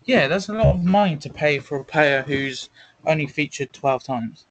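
A man's voice: on the high side, expressive, normal speed, no room sound, rough recording. Blunt, sceptical man, dry sound. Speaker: podcast co-host. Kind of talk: casual football chat.

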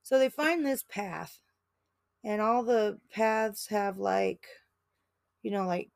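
A woman's voice: mid-range voice, takes it slowly, vocal fry, no echo. A woman co-hosting a horror podcast, easygoing and often laughing as she explains. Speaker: podcast co-host. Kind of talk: casual chat.

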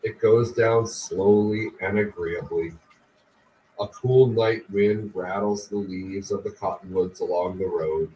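A man, the host of a podcast, reading a book aloud slowly and deliberately. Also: low-pitched. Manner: slow, deliberate, even reading. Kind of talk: audiobook-style reading. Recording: distant mic with faint background noise.

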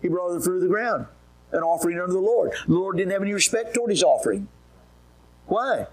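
A man's voice: sits high, fast talker, low-quality recording. A man preaching a sermon in a folksy, emphatic way, often asking the listeners questions.

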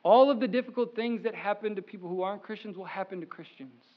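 A male pastor delivers a sermon in a high voice, driving points home through repetition. The recording is slightly muffled. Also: quick pace. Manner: emphatic, repetitive preaching. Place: church sanctuary.

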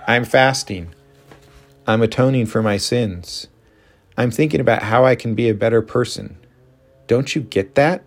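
Cranky tired husband, as a man reads him, low gravelly voice, curt. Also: moderate pace, close to an everyday voice. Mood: irritable. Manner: curt, snappish. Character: tired, irritable fasting husband, adult man.

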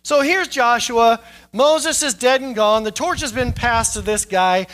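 A man's voice: very high-pitched, measured pace, a bit bright. A man pastor preaching a sermon to his congregation in a church, talking conversationally and lifting his voice to stress key points. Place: church sanctuary.

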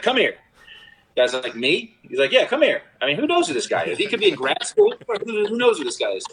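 Animated man telling baseball stories. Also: low-quality recording. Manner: animated storyteller, acts out quotes with big pitch jumps. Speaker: former college baseball catcher telling stories. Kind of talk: casual storytelling chat.

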